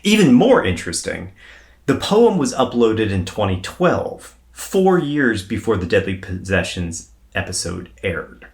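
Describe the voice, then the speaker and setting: Lower-voiced man telling a spooky story. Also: a little slow, vocal fry. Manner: animated, casual swearing. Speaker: podcast co-host. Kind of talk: casual storytelling chat.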